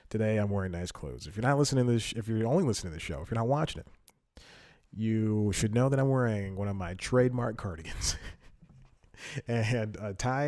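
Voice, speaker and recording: Male solo comedy podcaster, lowish voice, loose rambling delivery, dry close studio sound. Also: a little mellow, no echo. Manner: rambling and self-interrupting, wry. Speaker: podcast host. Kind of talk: casual solo comedy monologue. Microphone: studio mic, wearing headphones.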